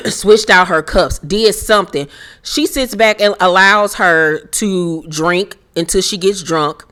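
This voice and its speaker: A woman giving a sassy, profane reality show recap, telling the story with animated asides. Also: medium pitch, slow pace. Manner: acts out quotes in put-on voices.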